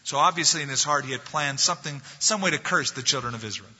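A male pastor preaching a sermon, retelling a story with animated, emphatic delivery and a slightly husky voice. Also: fairly high pitch, quick pace. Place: church sanctuary. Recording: dull lo-fi recording in an echoey hall.

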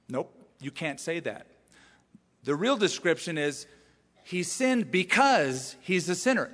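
A man's voice: on the high side, very animated, takes it slowly, a bit bright. Conversational male pastor preaching. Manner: conversational, rhetorical questions. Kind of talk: sermon. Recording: echoey hall reverb.

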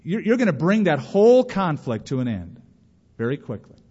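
A man's voice: a little high, moderate pace, slightly rough. Man preaching in a reverberant hall. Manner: animated preaching with acted-out quotes. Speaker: pastor. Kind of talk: sermon. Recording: muffled recording in a reverberant hall.

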